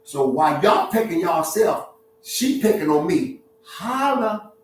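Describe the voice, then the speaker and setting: A man who is a relationship counselor, talking to his livestream chat in an animated, preachy way with street slang. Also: high-pitched, unhurried. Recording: very echoey room, distant mic, faint hum.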